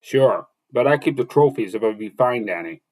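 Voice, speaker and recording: A man voicing a brisk, wary aging adventurer. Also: medium pitch, expressive, a little mellow, lightly acted. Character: aging male treasure hunter, brisk and wary. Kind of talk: audiobook character voice.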